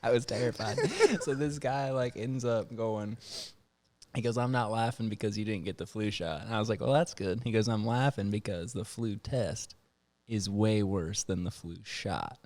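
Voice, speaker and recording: A man's voice: on the low side, expressive, normal speed, a little mellow. A man hosting a podcast, telling a story in casual chat and acting out the voices of the people in it. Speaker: podcast host.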